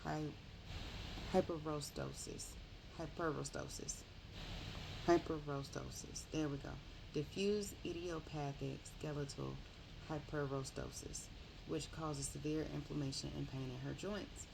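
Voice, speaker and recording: Low, gravelly woman reviewing a book. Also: normal speed, noisy background. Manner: rambling, animated retelling with self-corrections.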